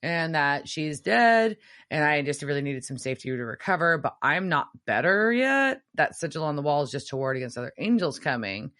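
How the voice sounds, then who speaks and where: A woman's voice: low voice, normal speed. A woman co-hosting a podcast, casually recapping a TV episode and acting out lines from it. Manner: animated storytelling, acts out quotes. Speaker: podcast co-host.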